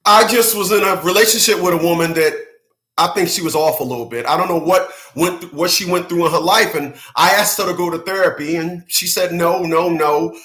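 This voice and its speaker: A man hosting his own channel, ranting to viewers in loud, slangy, profane commentary and laughing often. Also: sits high, fairly quick, reverberant. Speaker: channel host.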